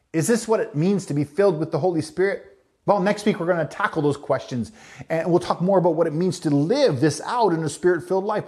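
A man's voice: high voice, a little mellow. A man preaching a sermon to his congregation, talking directly to them and acting out little asides. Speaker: pastor.

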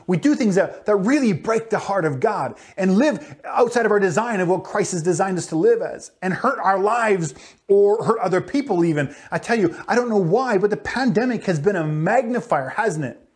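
A man preaching a sermon in church as pastor, animated and acting out quotes with playful voices. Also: sits high.

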